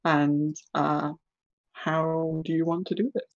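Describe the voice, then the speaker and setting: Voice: medium pitch, little pitch movement, slow, highs cut off. A game master narrating a tabletop game, hesitant and full of ums and restarts.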